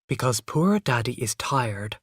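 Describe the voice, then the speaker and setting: A man reading the part of a gentle, patient young mother in a soft, soothing way. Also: medium pitch, sing-song, a little slow, slightly rough, no echo, clean studio sound, heavily acted.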